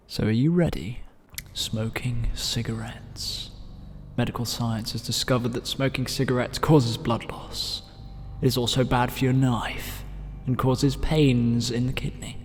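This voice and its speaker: A man's voice: mid-range voice, fairly even intonation, moderate pace, darkish tone, in a large hall, faint music behind. A man doing comedic, mock-spooky readings of horror-themed stories as a gaming YouTuber.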